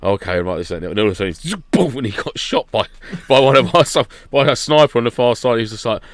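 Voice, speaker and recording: A man's voice: medium pitch, animated, quick pace, dry recording. A man chatting casually on a podcast, telling a rambling story and laughing often. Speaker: podcast guest regular recounting an event. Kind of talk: casual chat.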